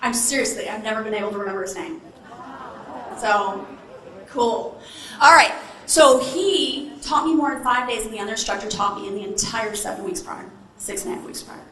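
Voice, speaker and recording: Bright, theatrical woman speaker. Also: a little high, normal speed, a little hiss or hum. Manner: animated, theatrical, playful asides to the audience. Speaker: motivational keynote speaker. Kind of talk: storytelling keynote speech. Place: large hall with audience. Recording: echoey hall, faint ambience.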